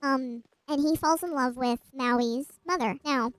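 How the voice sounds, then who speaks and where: A woman's voice: high voice, a little slow, smooth, dry recording, low-quality recording. A woman streamer casually retelling a myth while gaming, rambling with asides and restarts.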